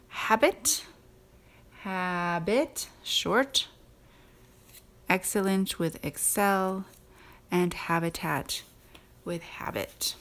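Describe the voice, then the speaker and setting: Slow, patient woman teaching spelling. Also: lowish voice. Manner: slow, patient, sounding out words. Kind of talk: recorded spelling lesson.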